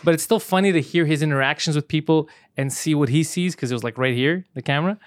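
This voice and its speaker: A man's voice: a little high, no room sound. A man hosting a comedy podcast, telling crude stories in casual chat and acting out other people's lines. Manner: fast, crude storytelling with acted quotes. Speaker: podcast host.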